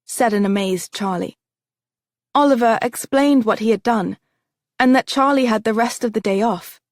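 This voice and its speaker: A woman narrating an audiobook in a clear, even way. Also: a little high, normal speed, no room sound, clean studio sound. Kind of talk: scripted narration.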